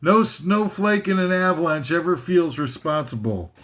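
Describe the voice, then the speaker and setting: A man's voice: on the high side, heavy background noise. A man hosting a comic list video, rambling and self-mocking as he drifts off topic.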